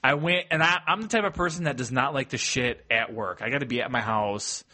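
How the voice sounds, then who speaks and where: Guy with a sharp bright voice telling a gross story, laughing thru it. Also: medium pitch, fairly quick. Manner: animated, laughing through a crude story. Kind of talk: casual storytelling.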